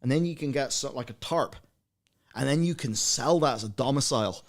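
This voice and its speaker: A man's voice: medium pitch, brisk. A man, co-hosting a livestream in casual, rambling, sardonic chat full of fillers. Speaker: livestream co-host.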